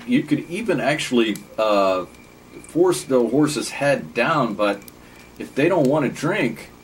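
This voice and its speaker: Slow low-voiced man, distant mic. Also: slight background noise. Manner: deliberate, hesitant with pauses. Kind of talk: slow explanatory talk. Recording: distant mic with background ambience.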